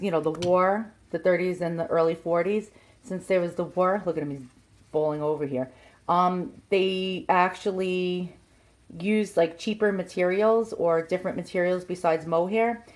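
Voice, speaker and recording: A woman's voice: lowish voice, darkish tone. A woman with a New York accent chatting casually while showing a vintage teddy bear, hesitant and full of fillers, filming on a handheld phone. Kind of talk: casual show-and-tell vlog. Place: outdoors, then indoors at home.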